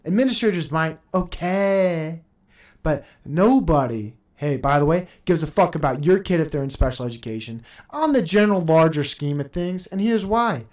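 Profane ranting man, lively pitch. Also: normal speed. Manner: heated, profane, sarcastic; laughs between points. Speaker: podcast host. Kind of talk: ranting solo podcast monologue.

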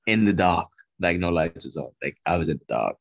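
A man co-hosting a casual podcast chat, talking in a relaxed, rambling way full of fillers. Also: low-pitched, brisk, gravelly. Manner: relaxed, filler-heavy talk with laughs. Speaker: podcast co-host.

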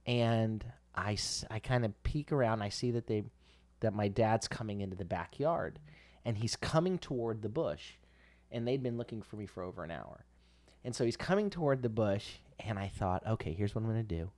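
A man with a fairly low voice tells a childhood story on a podcast. He rambles and stops to correct himself, and he laughs as he tells it. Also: lively intonation, normal speed, a little mellow. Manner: rambling, self-correcting, laughs while telling. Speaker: podcast co-host. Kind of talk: casual storytelling chat.

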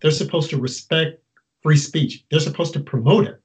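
A man's voice: on the high side, moderate pace. A man hosting a casual interview, talking emphatically and putting exasperated questions to his guest. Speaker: interview host. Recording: dull lo-fi sound.

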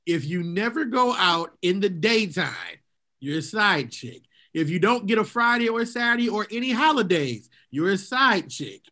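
A middle-aged man co-hosting a casual chat, animated and laughing often as he tells stories. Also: high voice, normal speed. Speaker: podcast co-host.

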